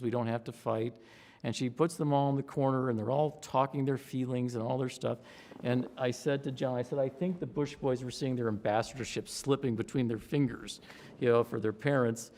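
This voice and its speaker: A middle-aged man in an interview, telling lively anecdotes and slipping into other people's voices as he recalls them. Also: medium pitch, long reverb tail. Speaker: pollster interviewee.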